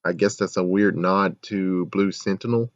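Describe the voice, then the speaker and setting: Low-voiced man ranting in a review. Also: fairly even intonation, normal speed, no echo, highs cut off. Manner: rambling, exasperated, swears a lot. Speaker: show reviewer. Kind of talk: casual video review rant.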